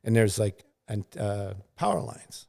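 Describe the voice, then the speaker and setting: Gravelly middle-aged man telling a story. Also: lowish voice, animated, measured pace, mellow. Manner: rambling, full of fillers and restarts; acts out sounds and quotes in the story. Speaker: aerial news pilot, podcast guest. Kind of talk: casual storytelling.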